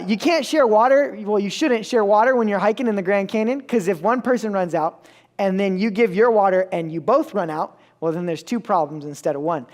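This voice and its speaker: A young man giving a sermon, telling a story casually with self-mocking asides. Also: high voice. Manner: casual and self-mocking, acts out the people in his stories. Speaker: preacher.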